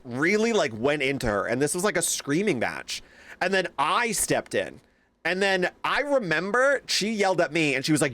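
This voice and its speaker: A young man streaming a game, casually reacting to chat and telling animated stories with plenty of swearing. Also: fairly high pitch, normal speed, no echo.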